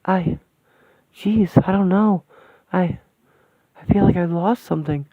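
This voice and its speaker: A man voicing an earnest, halting young woman heroine in a radio play. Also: high-pitched, dry recording, voice pushed up. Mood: shaken. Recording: thin phone-like, dry sound.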